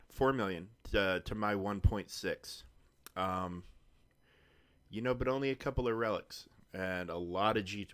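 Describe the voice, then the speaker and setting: A man with a low voice talks on a live game stream. He chats casually and rambles from one topic to the next. Now and then he drops a curse word without thinking. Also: unhurried, fairly bright tone. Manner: rambling, chatty, swears casually. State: hiccups. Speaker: gaming streamer.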